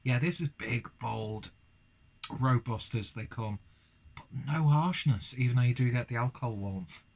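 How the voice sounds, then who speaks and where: A young man rambles through a casual beer review vlog, self-deprecating and full of fillers. His voice is medium-pitched, unhurried and darkish in tone.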